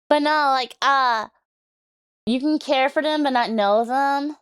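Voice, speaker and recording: A woman's voice: high voice, fairly even intonation, unhurried, dry recording, clean studio sound. A woman streamer chatting casually on a reaction stream, rambling and joking, swearing now and then, with a scratchy throat.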